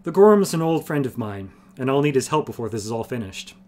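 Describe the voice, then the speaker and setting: A man's voice: mid-range voice, sing-song, fast talker, a little mellow, voice pushed up, lightly acted. A man reading an ancient wry old sorcerer. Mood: wry explaining. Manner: dry, bland, patient explaining.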